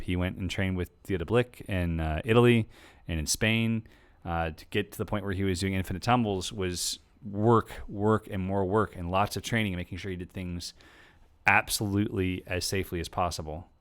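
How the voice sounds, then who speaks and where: A man's voice: low voice, fairly even intonation, normal speed, a bit bright. A man hosting a livestream, reading viewer questions aloud and telling jokey, rambling stories. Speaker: livestream host. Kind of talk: casual livestream Q&A.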